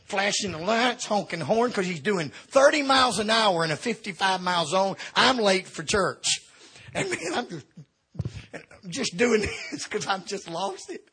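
A middle-aged man, an evangelist, telling a comic story in a sermon, swinging between shouting and quiet confession. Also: high-pitched, sing-song, normal speed, slightly rough. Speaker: evangelist preacher.

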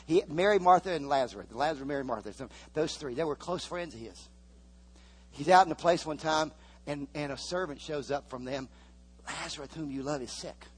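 A man's voice: fairly high pitch, slightly rough. A male preacher delivering a sermon, repeating phrases and pushing the congregation for amens.

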